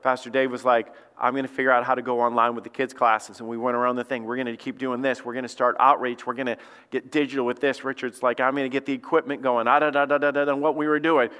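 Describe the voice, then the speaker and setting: A man's voice: medium pitch, flat delivery, fast, pushed and bright, clean tone. A man preaching a sermon as lead pastor, talking conversationally and acting out quotes. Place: church sanctuary. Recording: long church hall reverb.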